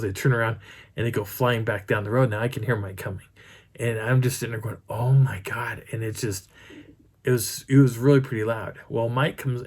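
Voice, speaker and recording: A middle-aged man casually retelling a night-time field encounter in rambling, animated first person, with frequent restarts. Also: mid-range voice. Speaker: Bigfoot researcher telling a field story.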